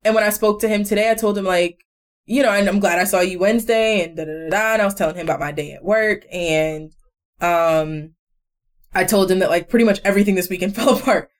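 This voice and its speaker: A woman's voice: mid-range voice, quick pace. A woman co-hosting a casual podcast, telling a personal story and quoting others in dialogue. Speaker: podcast co-host. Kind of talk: casual chat.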